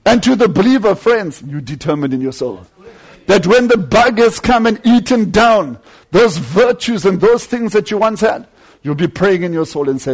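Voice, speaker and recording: A man preaching a sermon with fervent delivery, swinging between loud climbs and quieter asides. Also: high-pitched, animated, normal speed, husky.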